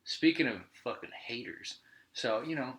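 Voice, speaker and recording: A man's voice: mid-range voice, lively intonation, moderate pace, a bit bright, poor audio. A man hosting a podcast, telling stories in a casual, profane, rambling monologue. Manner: profane, ranting storyteller. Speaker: podcast host.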